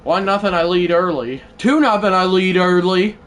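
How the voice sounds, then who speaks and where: A man livestreaming a baseball video game, chatting to viewers and shouting when big hits land. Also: high-pitched, moderate pace. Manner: excitable, swings from mumbled asides to shouted play calls. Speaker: gaming livestreamer. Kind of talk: live gameplay commentary.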